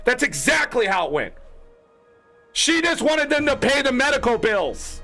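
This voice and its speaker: A man's voice: big pitch swings, moderate pace, sharp tone, soft background music. A man ranting angrily to viewers, swearing freely and mocking the people he disagrees with. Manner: angry, profane ranting; mocking quoted voices in lower tones. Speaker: gaming streamer. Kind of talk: ranting commentary.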